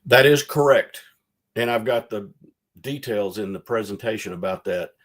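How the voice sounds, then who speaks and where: A man's voice: lowish voice, moderate pace. A man, a former legislator and guest, talking on a video call and recounting events in a rambling way. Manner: rambling, retells quotes in a lively voice. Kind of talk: casual storytelling over a video call.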